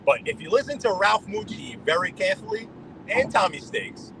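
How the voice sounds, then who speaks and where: A high-voiced man from New York, speaking at a moderate pace with lively intonation, chats casually with his live-stream audience from his car. He greets viewers by name and meanders between topics as road and traffic noise runs underneath.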